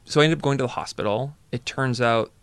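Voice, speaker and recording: A man with a gravelly, creaky voice and a middle pitch tells a story in casual conversation. He talks with animated delivery and slips into quick voices for the people in it. The sound is dry and close, with no room echo. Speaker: storyteller guest. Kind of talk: casual chat.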